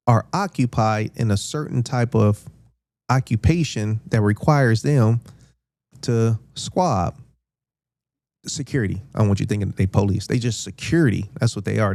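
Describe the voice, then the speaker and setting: Here a podcast host in his fifties spins a relaxed, slang-filled story and voices the quoted lines himself. He speaks in a mid-range, somewhat dark tone, recorded without echo.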